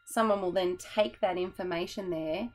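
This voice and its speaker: Brief: tired woman teacher, chatty, lowish voice, acts out kids. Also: moderate pace, poor audio. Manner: chatty, demonstrates classroom voices, laughs at herself. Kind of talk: teacher explaining a classroom method.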